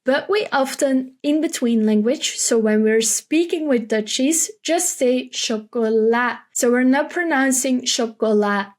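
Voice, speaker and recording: A woman teaching vocabulary, repeating each word slowly and carefully for learners. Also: high voice. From Belgium. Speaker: Dutch language teacher. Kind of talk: vocabulary lesson, slow and careful.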